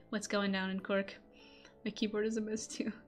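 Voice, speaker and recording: Faint music plays behind a young European woman, a streamer and voice actor, as she talks to her stream audience from a home room via a desk-stand mic. Her accented, medium-pitched voice is flat and measured, though she laughs often and swears occasionally.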